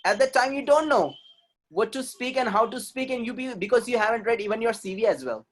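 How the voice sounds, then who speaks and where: A man's voice: very high voice, lively intonation, a little fast. A man with an Indian accent gives a webinar talk as a communication trainer. He is emphatic, repeats his points and keeps asking the audience questions. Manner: emphatic and repetitive, asks the audience rhetorical questions.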